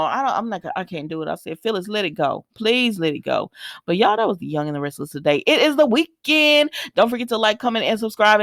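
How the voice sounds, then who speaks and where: A woman's voice: mid-range voice, fairly bright tone, dry recording, studio quality. A woman who recaps a soap opera in casual chat. She retells the scenes by acting out the characters' lines.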